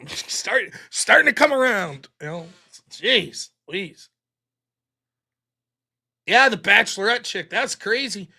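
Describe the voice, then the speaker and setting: Profane, animated male stream host. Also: sits high, slow pace, long pauses, breathy edge. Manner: profane, ranting. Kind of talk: casual live-stream commentary.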